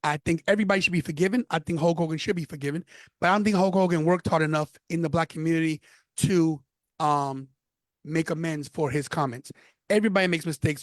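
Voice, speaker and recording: A man from New York, a podcast guest, telling stories in an animated, casual way. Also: fairly high pitch, brisk, dry recording. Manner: animated storyteller. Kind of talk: casual interview.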